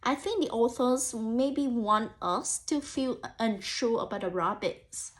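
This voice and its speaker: A woman's voice: fairly high pitch, slow. A young woman student teacher reading a picture book aloud to children and thinking aloud about it in an encouraging way. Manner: encouraging, frequent 'so' and 'mm', addresses imagined children.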